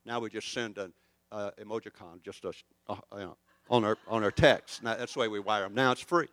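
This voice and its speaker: A man's voice: fairly low pitch, brisk, a bit bright, no echo. An older man preaching a conversational sermon, rambling and poking fun at himself as he tells stories. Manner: rambling, chatty and self-deprecating. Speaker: pastor.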